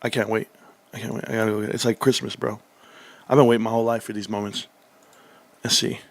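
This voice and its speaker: A man hosting a livestream, reading through financial reports with excitable commentary that swings from muttering to yelling, his voice going hoarse. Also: on the low side, very fast, no echo. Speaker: livestream host.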